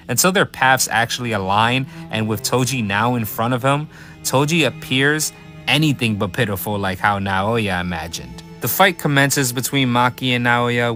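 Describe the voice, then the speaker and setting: A man with a bright, forceful voice runs through an anime recap, cursing casually and hyping up the action for his viewers. His voice sits at an ordinary middle pitch, with soft music playing faintly behind him. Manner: profane, hyped asides to viewers. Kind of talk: energetic recap commentary.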